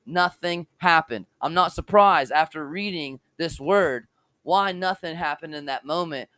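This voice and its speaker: A man preaches from home in an informal, heartfelt way, sharing his testimony and dropping casual slang between points. His voice sits high, and the sound is close and dry with no room around it. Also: measured pace, bright, forceful tone, no echo. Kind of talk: informal online sermon.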